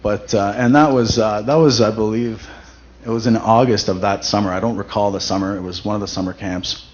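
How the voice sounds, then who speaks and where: Man, lower register, conversational church testimony with lots of restarts; dull lo-fi recording with faint noise. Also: fairly even intonation, a little fast. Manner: conversational, many fillers and restarts. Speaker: testimony speaker at a church event. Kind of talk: personal testimony.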